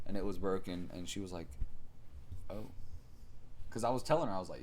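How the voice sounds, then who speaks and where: A man's voice: fairly low pitch, fairly quick, pauses often, a little mellow. A young man chatting casually as a podcast co-host, telling a rambling story in a laid-back way. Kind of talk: casual chat.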